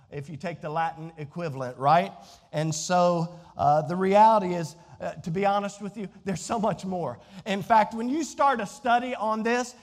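A man with a Southern Virginia accent, preaching a sermon as pastor, animated and rising to near-shouts when he quotes scripture. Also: high-pitched, in a large hall.

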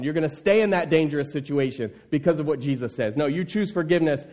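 A man's voice: on the high side, a little mellow. A man preaching a sermon in an earnest, emphatic way, repeating key phrases. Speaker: pastor. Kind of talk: sermon with scripture reading.

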